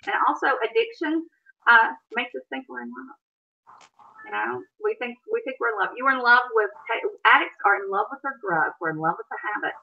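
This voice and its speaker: A woman hosting a live stream, calmly explaining and coaching her guest. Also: fairly high pitch, normal speed, lo-fi sound. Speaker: stream host and counselor. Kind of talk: educational live-stream talk.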